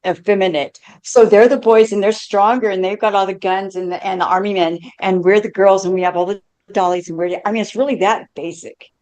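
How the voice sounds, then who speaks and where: A woman speaking earnestly on a casual podcast, laying out her point step by step. She chimes in often with quick agreement. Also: medium pitch, steady tone, darkish tone.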